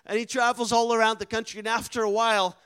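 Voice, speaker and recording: High-voiced man telling a mission story. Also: fast, clear, resonant tone. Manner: animated, builds to loud emphatic peaks. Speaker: missionary speaker. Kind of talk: storytelling sermon.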